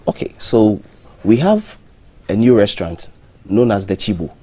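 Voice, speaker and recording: A man, a hotel marketing manager, interviewed as a guest on a live breakfast TV show, speaking in a measured way with frequent ums and restarts. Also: lowish voice, very animated, warm tone, slightly rough. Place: TV studio.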